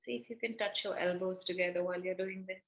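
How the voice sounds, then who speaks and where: A woman's voice: on the low side, steady tone, quick pace. A woman leading a playful guided movement exercise on a video call, coaxing and laughing often. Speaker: workshop facilitator. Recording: roomy echo.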